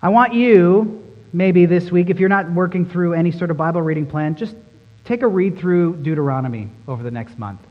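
A man's voice: high-pitched, normal speed, muffled recording. A man preaching a sermon as pastor, emphatic and fond of repeating phrases for stress. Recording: long reverb in a large hall.

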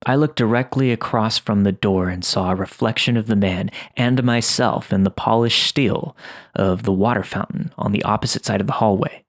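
A man narrating a first-person horror story as host, in a measured read that slows at tense moments. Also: lowish voice, steady tone, no echo, clean studio sound.

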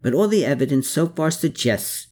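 An earnest, doubting army captain, as a male narrator plays him, with the voice lifted above the reader's own. He questions and presses his point with a lively, moving pitch. It is read like a storybook. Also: moderate pace. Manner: questioning, insistent.

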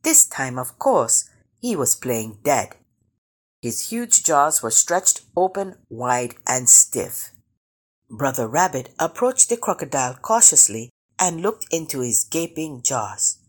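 Slow, expressive husky storyteller woman. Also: very deep voice. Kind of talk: reading a children's picture book aloud.

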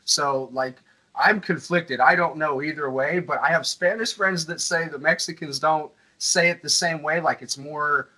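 A man's voice: on the high side, moderate pace, sharp tone, poor audio. A man hosting an interview, chatting in an easygoing way, laughing often and leaning on fillers like "you know" and "right". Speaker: host. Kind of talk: casual interview chat.

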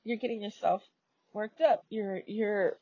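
A woman tells her own story at an unhurried pace, in a dark, gravelly voice with a husky edge. Her talk is casual and peppered with swearing and fillers. The recording sounds dull and lo-fi. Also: medium pitch, no echo. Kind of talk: casual personal story telling.

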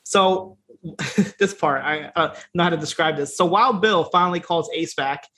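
A man's voice: a little high, normal speed. Laid-back man recapping a wrestling show. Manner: laid-back, profane, laughing, acts out quotes in animated voices. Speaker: podcast co-host. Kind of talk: casual recap chat.

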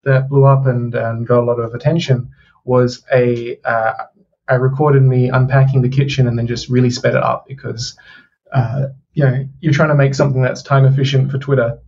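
A man's voice: medium pitch, flat delivery, normal speed, darkish tone, dull audio, a little hiss or hum. A man game developer explaining technical work in a casual interview, with restarts.

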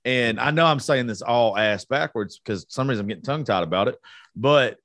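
A man's voice: medium pitch, a little fast, a bit bright, dry recording. A man in his thirties in a casual podcast chat, blunt and profane, getting worked up as he talks. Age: 30s.

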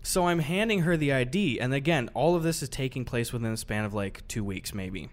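A man's voice: mid-range voice, animated, brisk. A young man co-hosting a podcast, telling a story in casual chat, swearing freely and acting out both sides. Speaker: podcast co-host.

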